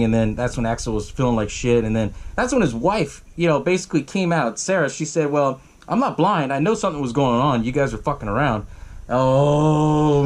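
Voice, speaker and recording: A man hosting a podcast, casually retelling a horror film's plot in a rambling, profane way, jumping into the characters' lines in raised voices. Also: mid-range voice. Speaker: podcast host. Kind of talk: casual movie recap.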